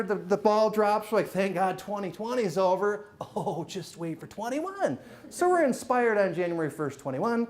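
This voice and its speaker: A middle-aged man giving a live motivational keynote to a room, joking and teasing the crowd with quick questions. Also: high-pitched. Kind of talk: live stage talk to an audience. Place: event room with a live audience.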